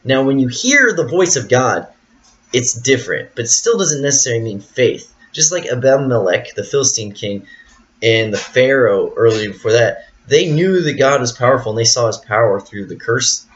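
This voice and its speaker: A Bible study teacher reads verses aloud, then explains them in a casual, rambling manner packed with fillers. His mid-range voice has lively intonation at a normal speed, captured on a dull lo-fi recording.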